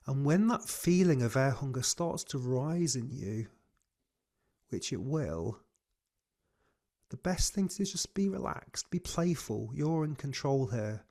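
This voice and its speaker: A man leading a guided breathing class on a video call, giving slow, soothing cues. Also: mid-range voice, lively intonation, vocal fry, warm tone. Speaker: breathwork coach.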